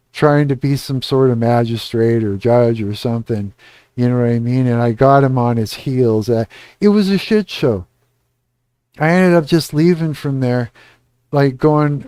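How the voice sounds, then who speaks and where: A man's voice: mid-range voice, unhurried, darkish tone, clear, resonant tone, no room sound. A man live streaming, telling a rambling story in casual talk and acting out both sides of an argument, often asking "you know what I mean".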